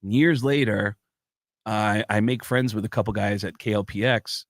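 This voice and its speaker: A comedian from Tucson, Arizona, telling a story as a podcast guest. He is animated, curses often and slips into the voices of the people in his story. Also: on the low side, moderate pace, no room sound, studio quality. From Tucson, Arizona, USA. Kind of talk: casual storytelling chat.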